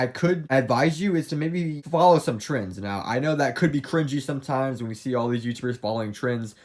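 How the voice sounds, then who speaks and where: A man's voice: medium pitch, fairly bright tone. A young man talking casually to his phone camera, giving tutorial tips with lots of fillers and restarts. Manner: rambling, many fillers and restarts. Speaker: plush video creator giving channel tips.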